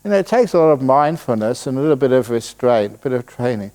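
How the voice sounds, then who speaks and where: A man, a Buddhist monk, giving a relaxed dharma talk at a retreat, telling stories and answering questions with playful humor. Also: mid-range voice. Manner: storytelling, playful, slows voice to demonstrate calm. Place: retreat hall.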